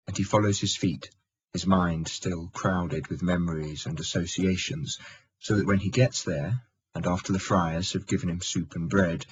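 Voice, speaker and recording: A man narrating a historical audiobook in a measured, steady manner. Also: deep voice, dull audio, slight background noise. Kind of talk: scripted narration.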